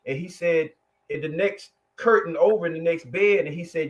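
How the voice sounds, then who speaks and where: A man, a guest telling his testimony in an emotional, halting way with many restarts. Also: on the high side, muffled recording. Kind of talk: conversational testimony.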